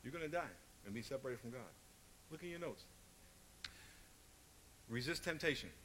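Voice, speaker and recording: A man's voice: mid-range voice, expressive, normal speed, bright, forceful tone, a little hiss or hum. A man preaching a sermon, telling stories and hammering points through emphatic repetition. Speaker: pastor.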